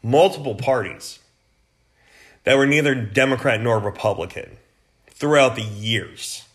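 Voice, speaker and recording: A man's voice: mid-range voice, animated, unhurried, fairly bright tone. A man hosting a political podcast, delivering an angry, profane rant in a blunt, heated way. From United States.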